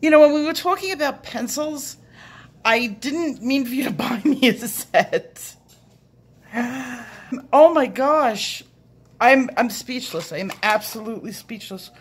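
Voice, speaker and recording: A middle-aged woman hosting an unboxing vlog, gushing breathlessly and shaky with excitement, from a room at home. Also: a little high, normal speed, slightly rough. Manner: breathless, gushing, repeated exclamations. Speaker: coloring channel host.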